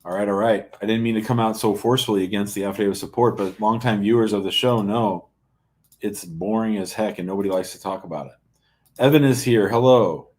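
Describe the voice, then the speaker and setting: A middle-aged male lawyer running a live call-in stream, reading viewer comments aloud. He is blunt and jokey, and his voice sits a little low. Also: a little fast, darkish tone. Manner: blunt, joking, reads chat comments aloud. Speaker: immigration lawyer hosting a live call-in show. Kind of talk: casual live-stream chat.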